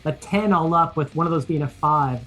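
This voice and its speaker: A player in a tabletop game, talking through moves haltingly with many restarts. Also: medium pitch, pushed and bright, soft background music. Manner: halting, thinks aloud with fillers. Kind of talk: casual tabletop play chat.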